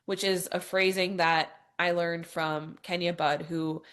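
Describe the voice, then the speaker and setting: A woman's voice: on the low side, flat delivery, unhurried, fairly bright tone, clean tone. A woman hosting a podcast, ranting in an exasperated, mocking, profane way with lots of "like". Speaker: podcast host. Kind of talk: opinionated podcast monologue.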